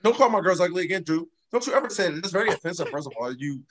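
A man's voice: high voice, expressive, racing. A young man hosting a casual podcast, talking animatedly with theatrical protests and indignation. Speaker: podcast host.

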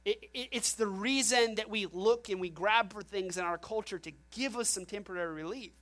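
Lively conversational woman preacher. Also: mid-range voice, normal speed. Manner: lively, conversational preaching with acted quotes and laughs. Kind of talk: sermon.

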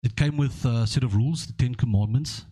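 A podcast host with an average-pitched voice. He talks at length in a loose, rambling way, often checking in with his listeners. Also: a little fast, warm tone, slightly rough. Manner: rambling, storytelling, checking in with "okay?". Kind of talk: casual podcast discussion.

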